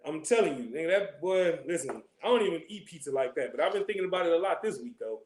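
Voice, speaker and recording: Casting: high-voiced man, quick streetwise scripture class teacher, joking, echoey room. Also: lively intonation, a little mellow. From California. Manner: loose, joking, streetwise slang, constant check-ins with listeners. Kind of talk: casual scripture class talk.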